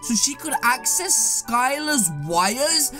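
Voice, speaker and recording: High, lively woman gaming host. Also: slow, music in the background. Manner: dramatic, excitable, exaggerated reactions. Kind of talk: excited gameplay commentary.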